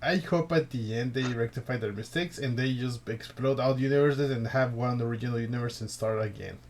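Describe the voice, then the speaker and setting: Offhand man, mid-pitched, quiet interjections, faint noise behind. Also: fairly quick. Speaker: friend listening.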